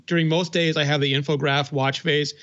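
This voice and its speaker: A man's voice: on the high side, level tone, fairly quick, fairly bright tone, lo-fi sound. A man on a podcast panel in casual tech chat, talking fluently and with enthusiasm.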